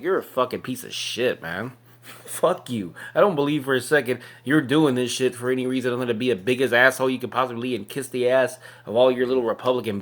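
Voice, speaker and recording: A man's voice: medium pitch, fairly bright tone. A man, hosting his own show and ranting angrily, swearing heavily as he talks. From Texas. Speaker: podcast host. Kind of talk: angry ranting monologue.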